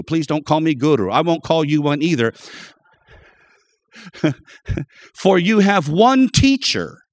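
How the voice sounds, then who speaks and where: A male pastor preaching a sermon, his fairly high voice swooping up and down as he drives each point home. He talks slowly and emphatically, repeating key phrases and asking the congregation for an amen. The sound is dry and close, with no room echo.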